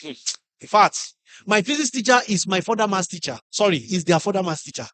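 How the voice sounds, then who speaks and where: A middle-aged man with a Nigerian English accent giving a lively motivational talk to teachers, acting out classroom stories and putting questions to the audience. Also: high-pitched, normal speed. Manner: animated storyteller, acts out classroom scenes, asks the audience questions. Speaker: conference speaker.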